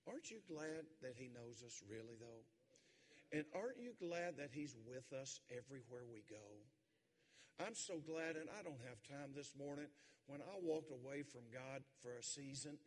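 A man preaching a sermon as pastor, swinging from quiet talk to loud, emphatic preaching in a church sanctuary. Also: medium pitch, moderate pace. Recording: long hall reverb.

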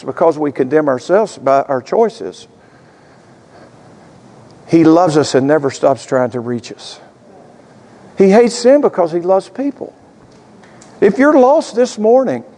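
High-voiced pastor in a reverberant sanctuary. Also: male voice. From Tennessee, US. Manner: folksy asides that build to fervent, shouted prayer. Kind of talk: sermon. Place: church sanctuary with stage lights. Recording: long reverb of a large sanctuary.

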